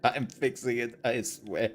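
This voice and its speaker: A man's voice: mid-range voice, steady tone, a little slow, a little hiss or hum. A young man giving casual, playful let's-play commentary, rambling through jokey reactions as he plays. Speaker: gameplay streamer.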